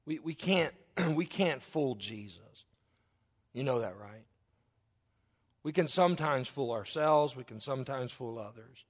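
A middle-aged man preaching a sermon, earnest and apologetic, growing louder when he stresses a point. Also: mid-range voice, animated, unhurried. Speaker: pastor.

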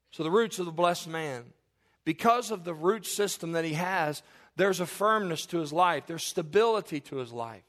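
A Kentucky-raised male pastor with a Southern accent and a high-pitched voice, preaching a sermon. He drives points home with repeated phrases and folksy asides. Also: fairly bright tone.

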